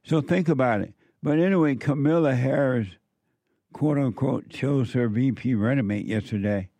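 A man's voice: mid-range voice, normal speed, creaky, warm tone, no echo. A man delivering an opinion monologue, repeating his warnings with heavy emphasis. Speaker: political commentator.

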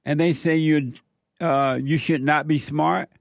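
A man with a fairly high voice hosts a call-in show and counsels a caller. He speaks slowly and with emphasis, circling back to repeat each point. His voice is close and dry. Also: fairly even intonation, gravelly, no room sound. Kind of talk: advice talk with a caller.

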